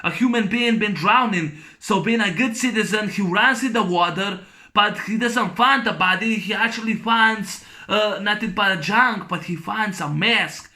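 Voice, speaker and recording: A man's voice: sits high, moderate pace, sharp tone. A man giving a casual, rambling spoken film review. He is enthusiastic, halts over fillers and restarts, and laughs often as he retells scenes. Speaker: movie reviewer.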